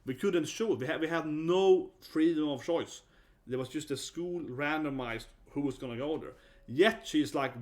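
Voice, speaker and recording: A man's voice: medium pitch, normal speed. A man in his thirties from Sweden with a Swedish accent, telling a story in a blunt, casual vlog. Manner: animated, blunt, swears and laughs often. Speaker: vlogger.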